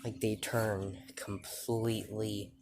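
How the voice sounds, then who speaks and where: A man's voice: fairly low pitch, level tone, slow pace, noisy background. A man telling an improvised fan-fiction story, rambling with many fillers and self-corrections.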